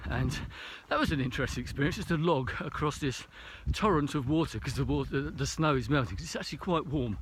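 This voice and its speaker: A man's voice: fairly high pitch, expressive, fast talker, hardly any pauses, a little hiss or hum. A man talking casually to a camera while hiking a snowy mountain trail, a little out of breath, rambling and hesitant with many fillers. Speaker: vlogger.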